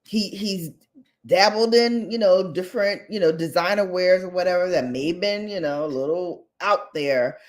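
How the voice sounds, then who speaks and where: A beauty vlogger with a lowish voice chats at normal speed in a casual, gossipy way, addressing her viewers directly and tossing in playful asides.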